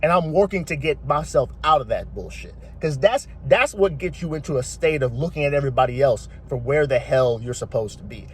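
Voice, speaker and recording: A man in his thirties giving a blunt, profane motivational rant, talking forcefully and preachily. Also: mid-range voice, expressive, fairly quick, few pauses, a little hiss or hum. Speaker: commentator.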